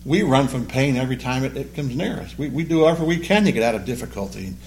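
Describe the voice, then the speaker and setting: A man's voice: mid-range voice, animated, fast, a little mellow, a little hiss or hum. A man preaching a sermon, acting out the voices of the people he quotes. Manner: dramatic, acts out quoted voices. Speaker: pastor.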